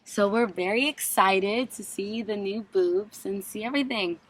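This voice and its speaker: A woman, a friend of the vlogger, chatting to camera in a slow, self-conscious way. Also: mid-range voice, background noise. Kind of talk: casual vlog.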